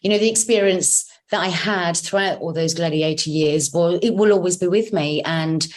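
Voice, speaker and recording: A woman's voice: on the low side, normal speed. A woman in her fifties on a video call, talking earnestly and reflectively. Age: 50s. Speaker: former TV gladiator guest. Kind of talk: reflective casual chat.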